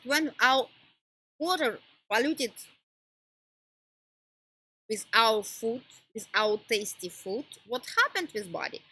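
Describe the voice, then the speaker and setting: Slow, breathy woman teaching in halting phrases. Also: high voice, bright, forceful tone, no room sound, low-quality recording. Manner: halting, pauses to search for words; non-native English phrasing. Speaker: wellness teacher. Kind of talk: informal teaching talk.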